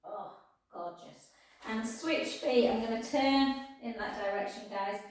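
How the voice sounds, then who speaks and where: A woman's voice: fairly high pitch, a little hiss or hum. Soothing woman pilates instructor, echoey room. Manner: soft, slow, soothing cues with sighs of "oh, gorgeous". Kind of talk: guiding a pilates class. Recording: echoey room, far from the mic.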